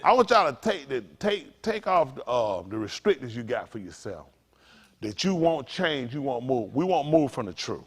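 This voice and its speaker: Man, pastor, informal sermon, slangy, lively swooping pitch. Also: normal speed. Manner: animated, slangy, laughs through a funny story. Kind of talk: informal sermon teaching with storytelling.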